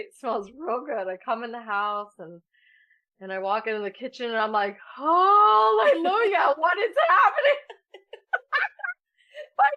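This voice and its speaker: A woman in her thirties co-hosting a casual podcast, her voice sitting a little high. She tells stories in an animated way and breaks into laughter often. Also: muffled recording. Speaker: podcast co-host. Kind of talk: casual storytelling chat.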